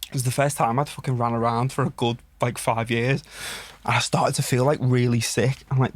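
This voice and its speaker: A man from the Wirral with a Merseyside accent, a podcast guest telling stories in a relaxed, sweary way and often laughing. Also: medium pitch, slightly rough, dry recording. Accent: Merseyside English. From Wirral, England. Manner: laid-back, sweary, laughs through his stories. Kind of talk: casual storytelling chat.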